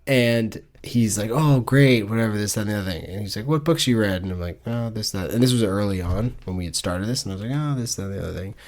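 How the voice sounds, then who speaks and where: Low-voiced man co-hosting a chat. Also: quick pace, few pauses, darkish tone. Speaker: podcast co-host. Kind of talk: casual chat.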